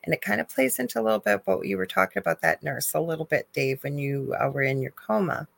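A woman's voice: low-pitched, fast, gravelly, no echo. A woman co-hosting a live talk show, telling a story with strong emotion and animation. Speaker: co-host. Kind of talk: live call-in chat.

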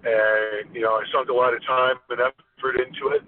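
Rambling former wrestler over a tinny line. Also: male voice, medium pitch, level tone, normal speed. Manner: rambling, with frequent restarts. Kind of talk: interview storytelling. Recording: tinny phone line with faint hiss.

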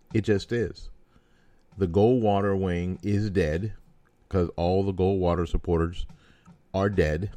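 A man's voice: low voice, darkish tone, no room sound. A middle-aged American man giving a folksy, sarcastic opinion monologue as a talk show host.

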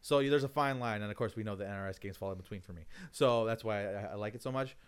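A man co-hosting a casual podcast about fighting games, talking in a relaxed, hesitant way. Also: lowish voice, racing, smooth. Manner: relaxed, hesitant, many fillers and restarts. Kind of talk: casual gaming chat.

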